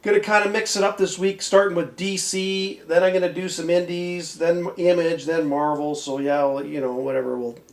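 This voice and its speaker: A slightly hoarse man rambles through his weekly comic picks in a loose, chatty way. His voice sits a little high for a man and rings off the walls of an echoey room. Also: little pitch movement, moderate pace, hardly any pauses. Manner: rambling, chatty, laughs often. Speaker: comic book video host. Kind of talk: casual chat.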